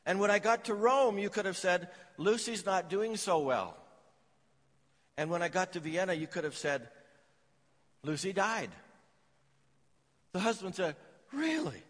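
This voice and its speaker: Guy pastor telling funny stories in a sermon, bit high voice, big hall echo. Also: measured pace, pauses often, fairly bright tone. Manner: storytelling with jokes and anecdotes.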